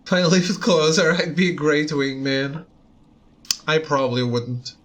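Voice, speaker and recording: Slow-talking high-voiced young man streaming. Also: steady tone, a bit bright. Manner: joking, self-deprecating, laughs often. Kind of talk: casual chat over gameplay. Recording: faint game music behind. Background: game music.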